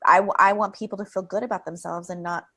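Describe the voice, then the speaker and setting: Interviewed live as a creativity expert, a woman speaks fast in a mid-range voice. She is energetic and rambling, filling her speech with fillers and laughter.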